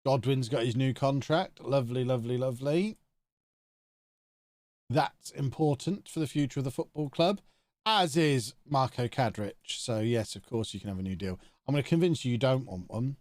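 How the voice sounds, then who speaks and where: A man's voice: medium pitch, brisk, few pauses, darkish tone, no echo. Chatty man streaming a game. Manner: chatty, thinking aloud to himself. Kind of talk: live video game commentary.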